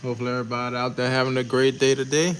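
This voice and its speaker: A New Orleans tattoo artist works in his shop while chatting with his livestream, greeting the chat with easygoing slang. His mid-range voice comes out very fast with a flat delivery. The audio is poor and has a little hiss or hum.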